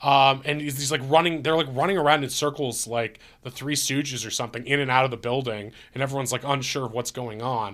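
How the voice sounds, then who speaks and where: A man's voice: mid-range voice, fairly even intonation, fairly bright tone. A man co-hosting a comedy podcast, casually retelling a movie plot and acting out the characters' lines. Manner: rambling retelling, acts out lines in quick voices. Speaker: podcast co-host.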